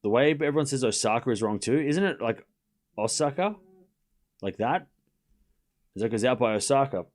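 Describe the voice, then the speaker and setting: A man hosting a live tennis watchalong stream, calling points in quick bursts and chatting with viewers, often stumbling over player names. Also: medium pitch, expressive, darkish tone. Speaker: livestream tennis watchalong host. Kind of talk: live play-by-play commentary mixed with casual chat.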